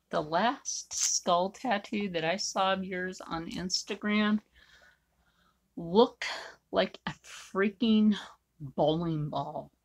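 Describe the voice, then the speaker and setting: Blunt, rambling woman artist with a low voice and slow delivery. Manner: blunt, rambling, frequent fillers. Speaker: artist drawing on camera. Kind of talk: casual chat while drawing.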